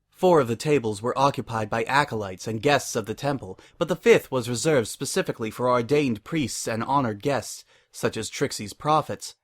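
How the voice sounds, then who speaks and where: A man narrating a story in a measured, expressive dramatic reading. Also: medium pitch. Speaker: reader.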